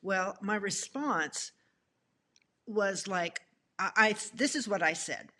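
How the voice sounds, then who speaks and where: A middle-aged woman tells her love story with lively, animated expression. She acts out her own past thoughts and reactions with playful emphasis. Her voice sits at an ordinary middle pitch for a woman. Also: slow.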